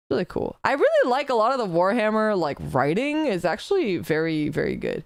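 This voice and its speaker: Woman streamer, chatty and self-deprecating, clean crisp tone, dry booth-like sound. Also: mid-range voice, very animated, fairly quick, few pauses, no room sound. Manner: chatty, apologetic, jokey asides. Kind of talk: casual reaction stream chat.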